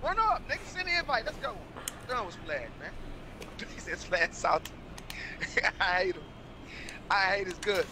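A man's voice: high-pitched, huge pitch swings, moderate pace, noisy background. A man on a game voice chat, teasing and boasting to other players. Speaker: gamer on voice chat. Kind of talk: casual trash talk.

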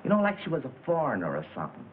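A man's voice: mid-range voice, wildly swooping pitch, rapid-fire. An actor playing a chatty young bellhop full of slang, eager to tell what he saw. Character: gossipy young hotel bellhop. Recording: tinny old film soundtrack with hiss.

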